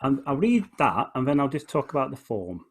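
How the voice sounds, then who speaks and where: A man with a husky, slightly breathy voice explains the rhythm of a poem in an easy back-and-forth chat. He is hesitant and restarts his sentences often. He stretches out each word when he reads verse aloud. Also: mid-range voice, very animated, fairly quick. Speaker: guest discussing poetry. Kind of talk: relaxed conversation, explaining verse.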